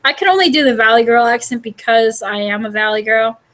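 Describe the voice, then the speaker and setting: A woman's voice: on the high side, fairly quick, a bit bright, poor audio. A woman with a Connecticut accent, hosting a livestream in casual chat and saying "like" and "totally" all the time. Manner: says "like" and "totally" constantly. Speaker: livestream host.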